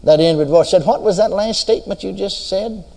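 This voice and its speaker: Preacher guy telling his story, quotes scripture with a sing-song lilt, husky voice, big echoey hall. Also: sits high, fairly quick, warm tone. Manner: storytelling, quoting scripture in a swinging preaching cadence. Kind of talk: sermon.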